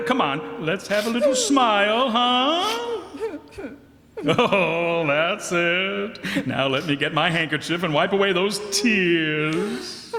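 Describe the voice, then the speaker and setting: An actor playing a bumbling, boastful middle-aged banker turned farmer in a community radio play, blustery and quick to laugh. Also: male voice, high-pitched, full character voice. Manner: blustery and jolly, laughs a lot. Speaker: lead character. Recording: roomy hall reverb.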